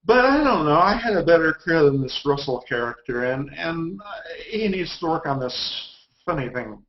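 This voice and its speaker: A man's voice: fairly high pitch, animated, normal speed. A man from Texas doing an impression of a joking older British comic actor, with a put-on British accent and self-mocking quips, over a video call. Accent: British, as put on by a Texan. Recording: echoey, dull lo-fi web call.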